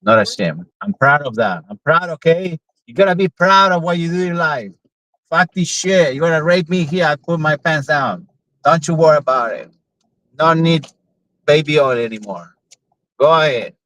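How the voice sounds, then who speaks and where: A man's voice: on the high side, lively intonation, moderate pace, a bit bright, no echo, rough recording. A man driving for a ride-share app and chatting on a live stream from inside his car, joking, swearing and repeating words in a sing-song way. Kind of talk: casual live-stream chat.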